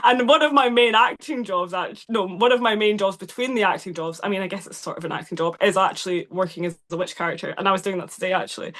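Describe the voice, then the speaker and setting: A woman's voice: mid-range voice, fast, fairly bright tone. A woman being interviewed as a guest actress, chatting casually with many fillers and frequent laughter.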